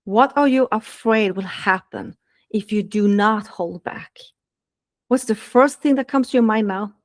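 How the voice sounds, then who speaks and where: A woman dating coach speaking earnestly to listeners in a podcast monologue, repeating key phrases for emphasis. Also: mid-range voice.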